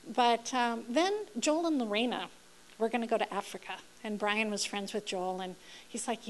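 A woman telling a humorous, animated story of her own life, acting out her reactions. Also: normal speed, a little hiss or hum, low-quality recording. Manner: animated, acts out her own reactions with big pitch jumps; humorous, self-deprecating. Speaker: speaker sharing her mission story. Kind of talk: storytelling testimony talk.

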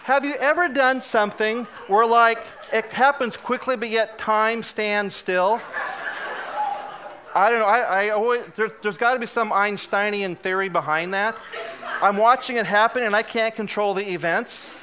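A man preaching a sermon, telling a funny personal story with lively, self-deprecating humor and frequent laughs. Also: sits high, normal speed, background noise. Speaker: guest preacher.

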